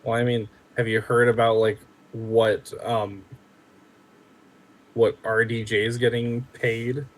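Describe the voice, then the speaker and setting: A man co-hosting a podcast, chatting casually and telling stories excitedly. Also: mid-range voice, takes it slowly, rough recording. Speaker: podcast co-host. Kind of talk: casual chat.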